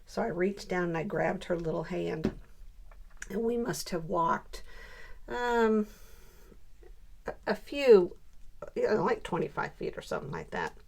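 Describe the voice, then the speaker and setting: Older woman, gravelly voice, low-pitched, chatty crafter, soft mutters to herself. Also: big pitch swings, a little slow, long pauses. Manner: chatty, mutters softly to herself while working. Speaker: scrapbooking crafter and channel host. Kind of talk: casual crafting tutorial chat.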